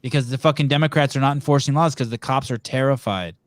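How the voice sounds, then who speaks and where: A man's voice: mid-range voice, fast, no room sound. A man hosting a podcast, chatting casually in a blunt, profane, teasing way. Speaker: podcast host. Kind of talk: casual chat.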